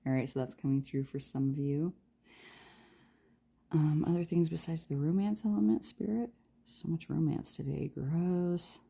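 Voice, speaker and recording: Casting: woman tarot reader with a very deep, dark voice and a rambling, chatty delivery. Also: vocal fry, breathy edge. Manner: rambling, chatty, trails off with fillers and soft laughs; speaks softly and quietly at times. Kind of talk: casual pick-a-card tarot reading.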